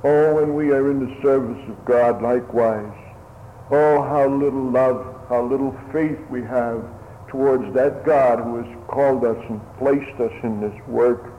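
Slow-preaching man on old radio. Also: medium pitch, fairly even intonation, slight background noise. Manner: slow, solemn, old-fashioned pulpit preaching. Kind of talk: sermon. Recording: phone-like radio broadcast in a reverberant hall.

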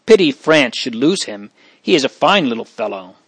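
A man voicing a milder soldier, appealing in a gentle way. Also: medium pitch, very animated, normal speed, husky, no room sound, exaggerated voice. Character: milder soldier, less ferocious.

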